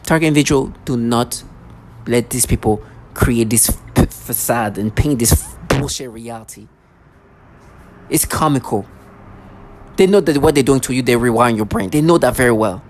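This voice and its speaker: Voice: medium pitch, moderate pace, darkish tone. A vlogger ranting to camera in an agitated, accusatory way, full of sarcasm and stammered restarts.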